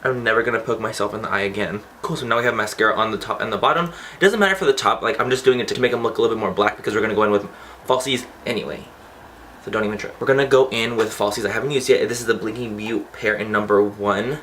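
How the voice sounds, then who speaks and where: A man's voice: on the low side, rapid-fire, a bit bright, slight background noise. A young man chatting casually through a makeup tutorial, campy and playful, swearing for fun. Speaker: beauty vlogger.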